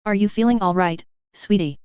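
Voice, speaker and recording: A woman reading the part of a gentle, fond mother in an audiobook. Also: mid-range voice, fairly quick, smooth, no echo, highs cut off, natural voice.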